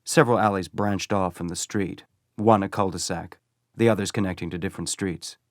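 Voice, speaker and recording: A man reading an audiobook in a low, steady voice. The narration is even and unhurried. The sound is dry and close, with no room around it. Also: no room sound.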